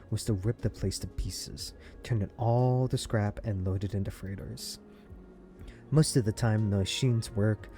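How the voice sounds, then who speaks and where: A man playing a story game, reading its text aloud and breaking into excited comments and laughs. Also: lowish voice. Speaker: let's play gamer.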